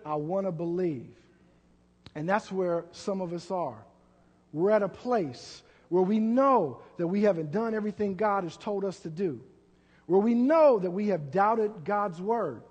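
A man preaching a sermon as pastor, full of rhetorical questions and swinging between loud and soft. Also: sits high, lively intonation, measured pace, slightly rough. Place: church. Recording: long church hall reverb.

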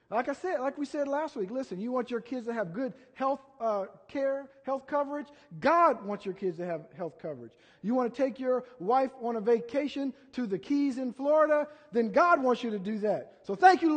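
A middle-aged pastor from Ohio preaches in a folksy, rambling way, full of asides and fillers. His voice sits high for a man and has a husky edge. The sound rings out with a long reverb, as in a large church sanctuary. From Ohio, USA. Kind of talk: conversational sermon.

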